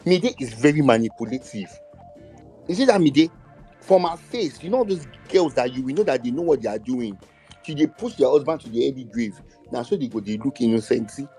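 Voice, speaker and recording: A man's voice: mid-range voice, expressive, fairly quick, dark tone, slightly rough, soft background music. A man cutting in with emphatic, incredulous remarks about a reality show. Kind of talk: casual opinionated chat.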